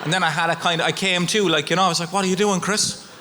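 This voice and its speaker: Irish guy doing stand-up, kinda high voice, acts out all the characters, noisy live recording. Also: fast talker. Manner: animated storytelling, acts out characters. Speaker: stand-up comedian. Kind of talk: stand-up comedy routine. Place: comedy venue with audience.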